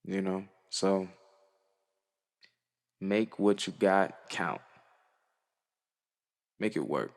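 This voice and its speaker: A man's voice: low-pitched, drawn-out words, pauses often, in a large hall. A young man musician giving an earnest, slangy, profane monologue to camera. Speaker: musician vlogger. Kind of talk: reflective casual monologue.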